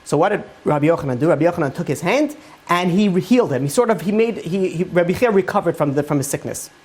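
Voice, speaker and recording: A man's voice: high-pitched, lively intonation, quick pace, a little mellow, husky. A man, a rabbi, giving an informal Torah class, retelling Talmud stories in a conversational way with many fillers.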